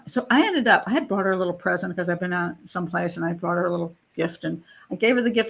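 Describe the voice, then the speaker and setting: A middle-aged woman hosting a show, telling a personal story in a casual, animated way and acting out the voices of the people in it. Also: on the low side, fast, creaky, few pauses. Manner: animated, acts out quoted voices, frequent restarts. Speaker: host, criminal profiler.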